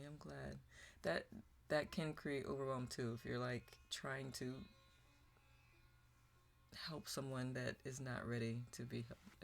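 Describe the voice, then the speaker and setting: A woman's voice: extremely low pitch, vocal fry. A woman hosting a meditation livestream, chatting casually, greeting viewers by name and laughing often. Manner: warm, affectionate, laughs often, reads out chat names. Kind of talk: casual livestream chat reading viewer comments.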